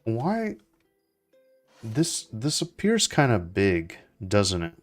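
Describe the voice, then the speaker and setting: A young man chatting casually as he plays, relaxed and rambling with lots of fillers and restarts. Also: fairly low pitch, measured pace, soft background music. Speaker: gaming streamer. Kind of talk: casual gameplay commentary.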